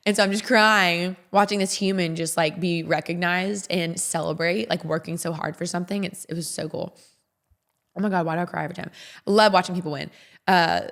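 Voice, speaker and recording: A woman's voice: fairly low pitch, fairly bright tone. A woman hosting a podcast in a casual, rambling monologue, openly emotional and often repeating herself. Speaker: podcast host.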